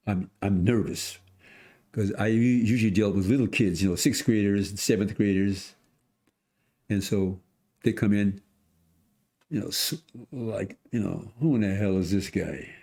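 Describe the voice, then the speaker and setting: A man of a hundred, a podcast guest, telling a story in casual conversation, animated, acting out voices and restarting often. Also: on the low side. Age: 100s.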